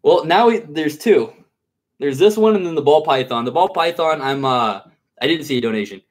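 A man's voice: on the high side, lively intonation, moderate pace, long pauses. A man streaming live, chatting casually with his viewers. He is laid-back and slangy, calls everyone bro and dude, and turns nervous and coaxing while he handles a big snake.

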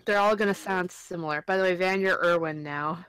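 A woman's voice: fairly low pitch, a little fast, fairly bright tone. A tipsy woman chatting and reading game lines during a let's-play, giggly and chatty. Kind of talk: drunk let's-play chat.

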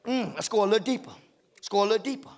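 A male pastor preaching a sermon in a church, calling out to the congregation, often shouting and repeating "my God" and "baby". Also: high-pitched, lively intonation, racing, creaky. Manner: call-and-response preaching, rising to shouts. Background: congregation responding.

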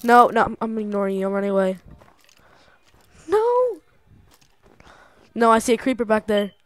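A young woman giving casual gameplay commentary, excitable and talking to herself, swearing and laughing often. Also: fairly high pitch, moderate pace. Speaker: gamer.

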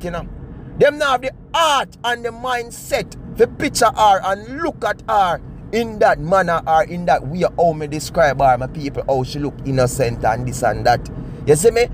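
A man's voice: sits high, a little hiss or hum. A Jamaican man telling a crime story to his viewers in a preachy way, calling them "my people" again and again. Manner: preachy, keeps addressing "my people". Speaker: vlogger. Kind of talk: storytelling commentary.

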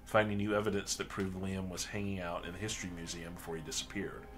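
A man at a tabletop mystery game, reading in-game statements aloud in a steady, measured way. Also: sits low, over music.

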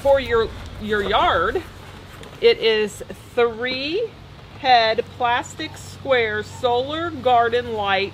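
A woman's voice: on the high side, animated, drawn-out words, poor audio. A woman co-hosting a casual unboxing, making dry, laughing asides. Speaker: co-host and reseller. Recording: background noise.

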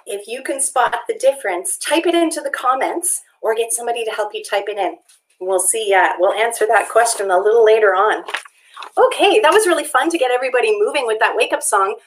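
High-voiced woman hosting a kids' singalong. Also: brisk, slight background noise. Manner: bright, encouraging, sings along. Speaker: children's music co-host. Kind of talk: children's livestream hosting and singing. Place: home.

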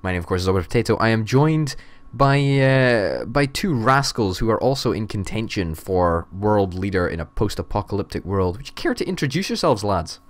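A man's voice: fairly low pitch, sing-song, fairly quick, hardly any pauses. A young man hosting a strategy game let's-play, talking playfully with a mock-grand announcer tone. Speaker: host, gamer.

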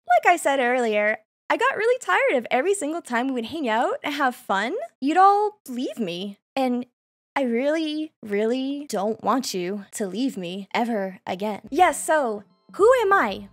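A woman's voice: on the high side, very animated, a little slow. A woman VTuber giving a playful self-introduction, giggly and teasing with exaggerated yelps and squeals.

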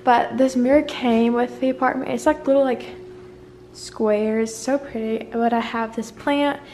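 Filming on her phone, a young vlogger shows off her small apartment in a bubbly, chatty way full of rambling asides, sounding a little out of breath. Her voice is a little high, slow and mellow, with fairly even intonation and a faint hiss or hum.

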